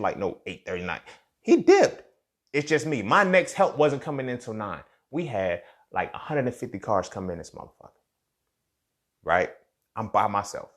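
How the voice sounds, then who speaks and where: Young man, somewhat low voice, casual motivational talk, profane, storytelling. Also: a bit bright. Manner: profane, storytelling, keeps asking "you feel me". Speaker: podcast host.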